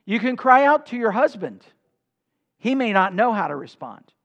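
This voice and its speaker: Brief: male pastor, fervent sermon delivery, scripture readings in archaic wording, high voice. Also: very animated, moderate pace, fairly bright tone, muffled recording. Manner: impassioned preaching, quoting scripture in old-style wording.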